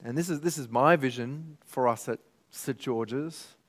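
A man's voice: medium pitch, unhurried. A man preaching from the pulpit in a mid-range voice. He speaks earnestly, with heartfelt emotion, and builds to emphatic peaks. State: tearful at times. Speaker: pastor. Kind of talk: sermon.

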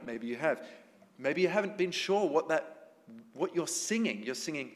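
A man's voice: fairly high pitch, brisk. Conversational male pastor in a reverberant hall. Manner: conversational, asks the congregation questions. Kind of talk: sermon. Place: church hall with congregation.

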